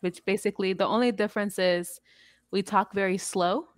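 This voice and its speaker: A woman's voice: mid-range voice, fairly even intonation, moderate pace, dry recording, studio quality. A woman with a standard American accent teaching English on a video call, patient and friendly as she explains pronunciation. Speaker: English tutor. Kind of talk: online English lesson.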